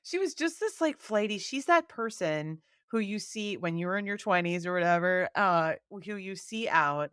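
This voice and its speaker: A woman co-hosting a podcast, chatting in a relaxed, agreeable way about a movie. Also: mid-range voice, moderate pace, hardly any pauses, clean tone, dry recording, studio quality. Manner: easygoing, agreeable, laughs often. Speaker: podcast co-host. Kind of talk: casual movie review chat.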